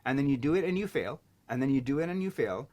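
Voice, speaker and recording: A man talking as a podcast guest, telling stories in an animated way and swearing casually. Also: mid-range voice, fast talker. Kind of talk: casual chat.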